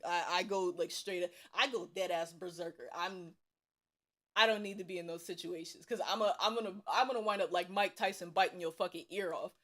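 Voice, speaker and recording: A young woman from Cincinnati, streaming while she draws, tells school stories in a casual, profane, animated way with bursts of laughter. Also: on the high side. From Cincinnati, USA. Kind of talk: casual storytelling while drawing.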